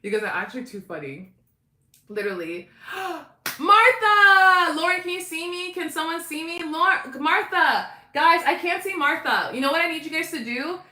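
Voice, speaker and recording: A woman's voice: extremely high pitch, animated, normal speed, bright, forceful tone, reverberant. A young woman hosting a casual livestream, chatting animatedly with her viewers in the chat. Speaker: livestream host.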